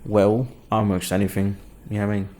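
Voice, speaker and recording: A man's voice: fairly low pitch, little pitch movement, fairly quick, warm tone. A young man hosting his own web show from his living room, talking in a crude, self-mocking, rambling way. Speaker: host of a home web show. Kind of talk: casual rambling comedic monologue.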